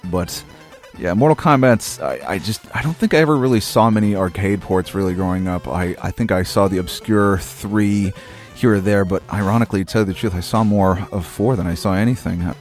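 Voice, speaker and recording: A man's voice: sits low, a little fast, darkish tone, faint music behind. A man from Maine in his thirties, hosting a retro game playthrough and rambling through casual, profane, wry commentary. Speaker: host. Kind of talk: casual let's-play commentary.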